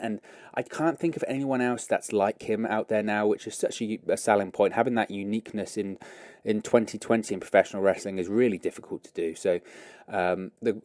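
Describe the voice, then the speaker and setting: In a dry, studio-quality recording, a wrestling podcast host with a fairly low, dark voice shares his opinions. His commentary is casual and meandering, packed with filler words and frequent self-corrections.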